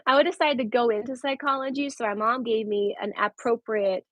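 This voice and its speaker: A woman in her thirties, a guest telling her story in casual conversation, animated and laughing often. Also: on the high side, fairly quick, dry recording, poor audio.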